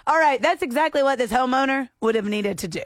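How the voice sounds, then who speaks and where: A woman hosting a radio morning show, telling a story in a lively, teasing way into a studio microphone. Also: sits high, fast talker, no room sound.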